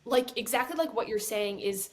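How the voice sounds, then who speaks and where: A woman's voice: a little high, expressive, moderate pace. Earnest woman co-hosting a podcast. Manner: earnest, lots of filler "like", hedging restarts. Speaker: podcast co-host. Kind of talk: casual podcast conversation.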